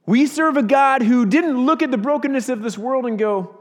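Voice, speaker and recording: High-voiced pastor guy giving a sermon, lively storyteller, big echoey church. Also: moderate pace, hardly any pauses. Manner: animated storyteller, acts out voices. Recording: reverberant church hall.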